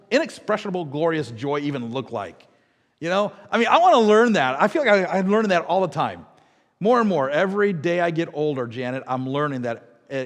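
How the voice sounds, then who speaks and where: A middle-aged man from the American Midwest, preaching a sermon with lively storytelling and asides to the congregation. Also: on the high side, in a large hall. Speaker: pastor. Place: church sanctuary.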